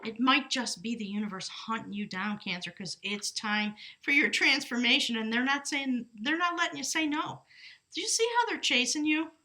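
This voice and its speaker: A woman's voice: on the high side, normal speed, pushed and bright. A woman giving a casual tarot reading from her desk at home, chatty and laughing often, breaking off to question her spirit guides and correcting herself mid-sentence. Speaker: tarot reader. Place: desk in a small house by an open door.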